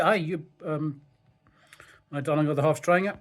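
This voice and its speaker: A man's voice: mid-range voice, fairly even intonation, moderate pace. A Scottish man narrating his home cooking in a laid-back, casual way, with frequent fillers and swearing. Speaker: home cook and channel host.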